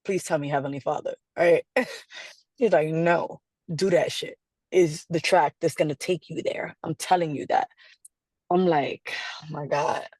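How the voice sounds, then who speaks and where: A woman being interviewed, telling a story in a casual, animated way, acting out quotes and laughing often. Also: low voice, a little slow, no room sound. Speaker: guest artist.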